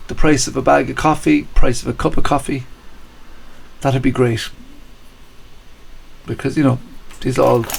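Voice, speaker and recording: A man's voice: a little high, vocal fry, a little mellow, a little hiss or hum. Cheerful man hosting a kids' quiz. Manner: chatty, cheerful, jokey asides to young viewers. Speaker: quiz host. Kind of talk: live-streamed kids' quiz, reading questions and answers.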